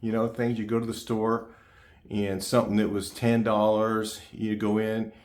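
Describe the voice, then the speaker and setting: A man's voice: lowish voice, completely flat delivery, normal speed, a little mellow. A man in his sixties chatting casually to his viewers, rambling with lots of fillers and restarts. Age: 60s. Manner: chatty, repeats himself, frequent fillers and restarts. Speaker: car channel host. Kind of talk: casual rambling talk to camera. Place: home garage.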